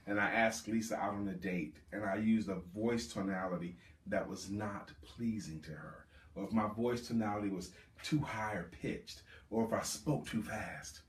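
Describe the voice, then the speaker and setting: A man coaching a live audience on sales, speaking with emphatic, drawn-out stress on key words. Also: lowish voice. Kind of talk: live sales workshop talk. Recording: roomy, distant mic.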